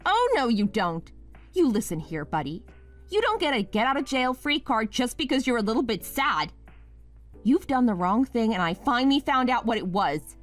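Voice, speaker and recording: A woman's voice: fairly high pitch, animated, normal speed, soft background music, lightly acted. A woman playing a young wife in a dramatized story, pleading and then accusing her partner.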